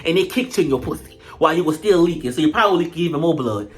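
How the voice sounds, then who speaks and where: A reality show reviewer talking in a casual commentary vlog, animated and profane, retelling scenes dramatically. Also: medium pitch, racing, soft background music.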